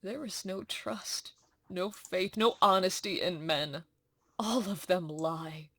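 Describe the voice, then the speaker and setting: A woman reading as a bitter, grieving older woman servant, in a slow, heavy dramatic reading for a class. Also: fairly low pitch, fairly bright tone, no echo, full character voice. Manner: slow, weary, heavy delivery.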